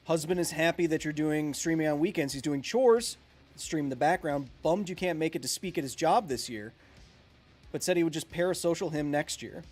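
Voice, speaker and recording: A man's voice: a little high, brisk, darkish tone, faint music behind. A man in his thirties live-streaming a video game, chatting casually with viewers in a rambling, self-mocking way. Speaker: streamer playing a video game and answering chat.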